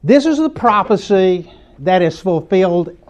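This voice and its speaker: A man's voice: high voice, lively intonation, a little slow. A man with a Southern US accent preaching a sermon in an earnest, conversational way, building to emphatic points.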